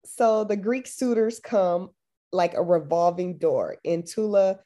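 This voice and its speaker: A woman's voice: lowish voice, measured pace, warm tone. A woman co-hosting a podcast in casual chat, laid-back and chatty, recapping a movie with dry asides. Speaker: podcast co-host.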